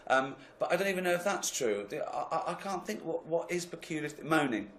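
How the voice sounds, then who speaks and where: A man's voice: on the high side, expressive, fairly quick, a bit bright, roomy sound, a little hiss or hum. A man hosting a comic podcast, joking, laughing a lot and slipping into mock voices. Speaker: podcast host.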